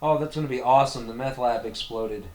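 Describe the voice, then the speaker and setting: A man's voice: medium pitch, quick pace. A man co-hosting a casual podcast chat, contrarian and sarcastic, swearing freely. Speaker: podcast co-host. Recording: echoey room.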